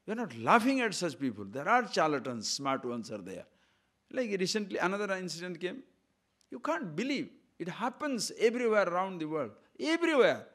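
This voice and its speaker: Animated man giving a spiritual discourse. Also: on the high side. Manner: emphatic, with frequent rhetorical questions. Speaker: spiritual teacher.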